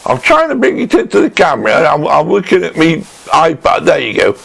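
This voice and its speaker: A man giving a casual show-and-tell review of a woodworking tool in his home workshop, talking slowly and thinking aloud with restarts, picked up on a camera mic as he handles the tool. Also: on the high side, sing-song, vocal fry, a bit bright, rough recording.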